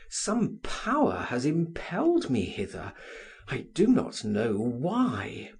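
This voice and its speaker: A man's voice: a little high, darkish tone, slightly rough, pitched above the performer's own voice, exaggerated voice. A male narrator voicing a scheming young man who pleads his love earnestly, in an audiobook reading.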